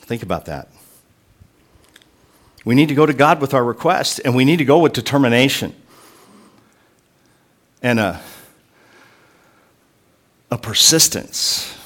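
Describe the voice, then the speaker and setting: A man's voice: medium pitch, lively intonation, measured pace, pauses often, a bit bright. A male pastor preaching a sermon in a conversational way, breaking off into joking asides to his listeners.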